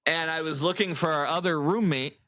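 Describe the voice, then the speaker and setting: A man's voice: fairly high pitch, fairly quick, sharp tone. A man co-hosting a podcast, telling stories in casual chat, laughing often and swearing freely. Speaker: podcast co-host.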